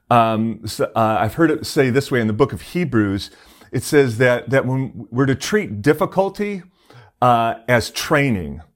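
A man preaching a casual sermon as a pastor, talking conversationally with many fillers and restarts. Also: medium pitch.

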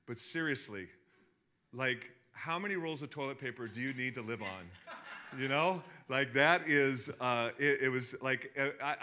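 Bright-voiced man preaching casually. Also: medium pitch. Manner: conversational, rambling with many restarts and fillers. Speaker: pastor. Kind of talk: sermon.

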